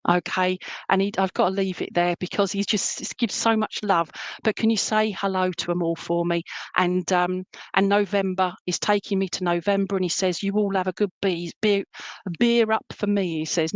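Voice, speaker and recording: A chatty woman medium with a fairly low voice gives a reading during an online spiritualist service. Her delivery is homely and reassuring, and she keeps checking in with her listeners. The sound is close and dry. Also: dry recording. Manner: chatty and reassuring, checks in with "okay?" and "all right?"; relays spirit messages in a homely, colloquial way.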